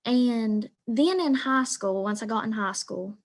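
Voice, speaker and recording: A teenage girl with an Eastern Kentucky accent, retelling a partner's story in first person, hesitant with frequent ums and pauses. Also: on the high side. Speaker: student storyteller.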